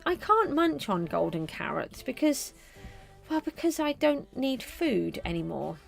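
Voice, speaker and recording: A woman's voice: sits high, big pitch swings, a little slow, gravelly, faint music behind. A middle-aged woman streamer chatting casually to viewers while she plays a game. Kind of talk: casual live gameplay commentary.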